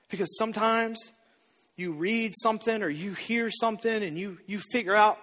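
A male pastor preaching a sermon through personal storytelling, conversational, with repeated phrases and moments of hush. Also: high-pitched, moderate pace. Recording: long reverb of a large hall.

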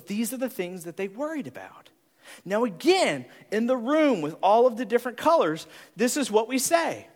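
A man preaching a sermon, animated, acting out different personality types in quick voices. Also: very high voice, in a large hall. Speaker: pastor.

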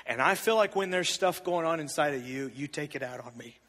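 A man in his thirties telling a personal story in a sermon, animated and confessional, with big swings in volume. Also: a little high, fairly quick, big-room sound.

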